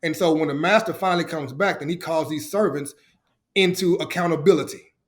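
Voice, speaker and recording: High-voiced animated man preaching. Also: fairly quick. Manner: animated storyteller, acts out quotes. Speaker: podcast guest, ministry founder. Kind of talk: enthusiastic testimony.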